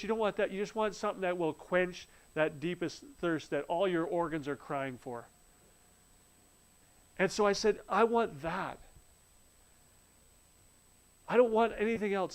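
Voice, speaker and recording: Earnest guy telling his faith story, a bit high-pitched, keeps restarting lines. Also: poor audio. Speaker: speaker sharing a faith testimony. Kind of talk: live-streamed spoken testimony.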